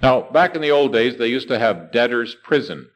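Animated male preacher asking questions. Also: medium pitch, rough recording. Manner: rhetorical questions, slows down to stress words. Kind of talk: sermon.

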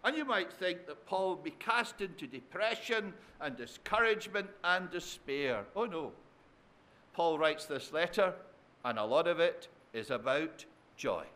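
A man delivers a sermon in a slightly high, expressive voice with a sharp tone and measured pace. He repeats phrases for effect, poses tag questions to the congregation, and calls them his dear friends.

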